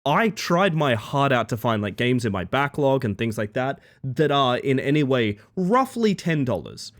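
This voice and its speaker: A man's voice: medium pitch, sing-song, normal speed. A man chatting casually with his live-stream chat, rambling playfully and greeting viewers by name.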